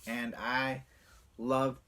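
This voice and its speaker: Man telling a lively childhood story. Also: drawn-out words, a little hiss or hum. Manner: animated, acts out quotes with big pitch jumps. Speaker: toy and movie vlogger. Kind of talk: casual storytelling to camera.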